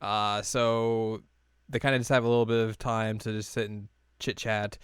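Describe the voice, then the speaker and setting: A man's voice: fairly low pitch, flat delivery, moderate pace, smooth, no echo, clean studio sound. A young man co-hosting a casual anime recap, who keeps laughing and briefly voices the characters as he retells scenes. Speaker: co-host recapping an anime episode. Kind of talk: casual chat.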